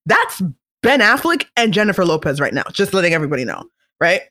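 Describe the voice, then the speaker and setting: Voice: mid-range voice, big pitch swings, fast talker, pushed and bright. A vlogger in a casual, chatty monologue, opinionated and playful, now and then slipping into comic voices. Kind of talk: casual celebrity gossip monologue.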